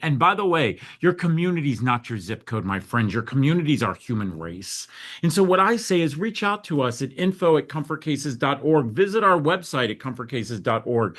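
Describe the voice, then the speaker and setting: A man's voice: medium pitch, a bit bright. A middle-aged American man, a foster care advocate, telling his story in an interview with earnest, heartfelt feeling.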